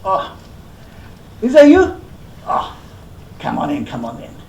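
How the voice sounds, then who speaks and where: A boastful old know-it-all in his sixties, played by a rakugo performer plays the hearty, self-satisfied host. His gravelly voice swings widely in pitch. The echo of a hall surrounds it. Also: wildly swooping pitch, slow pace, darkish tone, exaggerated voice. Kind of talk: rakugo storytelling.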